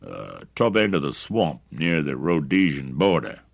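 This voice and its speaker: A man doing a slow easygoing sergeant major. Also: extremely low pitch, very animated, creaky, no echo, studio quality, full character voice.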